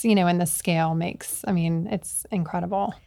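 Smooth voiced woman guest on a podcast, easygoing, kinda low pitch. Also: steady tone, normal speed, dark tone. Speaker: guest, wallcovering studio co-owner. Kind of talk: casual podcast conversation.

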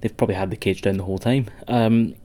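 Sweary Scottish man, low and mellow. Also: steady tone, fast talker. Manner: sweary, rambling, laughs a lot. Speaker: podcast co-host. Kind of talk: casual podcast chat.

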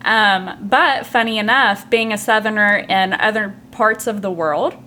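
A woman's voice: medium pitch, measured pace, sharp tone, slight background noise. Chatty woman with a Southern drawl. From southeastern Kentucky. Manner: chatty, uses fillers, says y'all. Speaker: podcast guest. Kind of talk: casual conversation.

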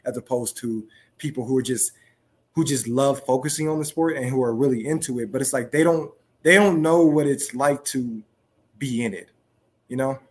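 Soft-spoken, halting young man. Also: mid-range voice, breathy edge. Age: young adult. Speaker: guest, pro football wide receiver. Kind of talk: casual interview talk.

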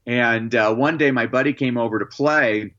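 A man being interviewed as an educator and motivational speaker, telling lively stories with many "uh" fillers. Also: medium pitch, normal speed, muffled recording. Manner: lively anecdotes, frequent "uh" fillers. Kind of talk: storytelling in a podcast interview.

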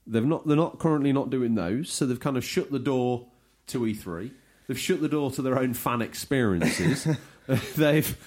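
Animated male podcast host. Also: mid-range voice. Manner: animated, jokey, reads listener messages. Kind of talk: casual podcast chat.

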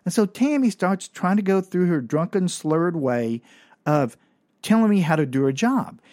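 A man's voice: high voice, expressive, normal speed, a little mellow, dry recording. Male comic storyteller, casual and wry, dry close mic.

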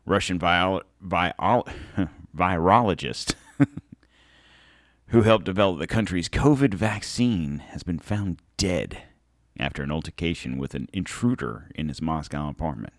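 Low-voiced guy going off on a rant, sarcastic, dry sound. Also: a little slow, no room sound. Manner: rambling, heated and sarcastic. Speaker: show host. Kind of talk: political commentary monologue.

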